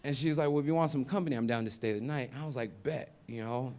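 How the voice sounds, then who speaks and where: A man's voice: mid-range voice, fast talker. Man telling stand-up stories. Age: 30s. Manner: storytelling, acts out quoted voices, swings loud and soft. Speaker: stand-up comedian. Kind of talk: stand-up comedy set.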